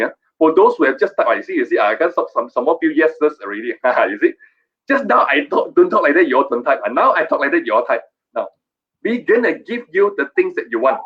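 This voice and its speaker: A man hosts a live stream, his fairly high voice swinging up and down with lively energy. He coaxes and playfully scolds his viewers, repeating himself as he drives a sales pitch. The sound is dull and lo-fi. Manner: animated, repetitive, playfully scolding.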